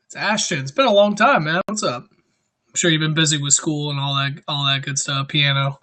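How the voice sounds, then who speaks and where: A man's voice: on the high side, normal speed, bright, forceful tone. A young man hosting a casual livestream, greeting viewers by name and joking around. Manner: chatty, greets viewers, jokey. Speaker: livestream host.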